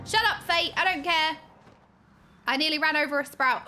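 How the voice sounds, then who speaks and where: She chats with her stream audience at a moderate pace, her voice sitting high and broken by frequent pauses. The commentary is casual, playful and giddy, with excited squeals.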